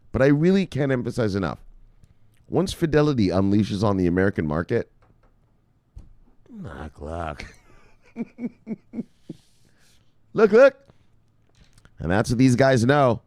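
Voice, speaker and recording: A man hosting a crypto news vlog in loud, profane, boisterous casual commentary, laughing often. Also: fairly low pitch, no room sound.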